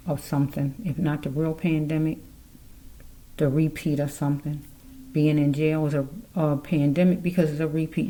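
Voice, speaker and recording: Low, flat-voiced woman reading tarot cards. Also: noisy background. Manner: rambling, musing aloud, addresses the listener directly. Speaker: tarot card reader. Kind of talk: casual spiritual card reading.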